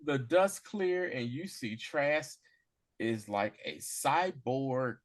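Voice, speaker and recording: A man co-hosting a podcast, recapping an episode in casual chat, acting out the characters' lines with quick voiced quotes and laughter. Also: medium pitch, animated. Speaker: podcast co-host.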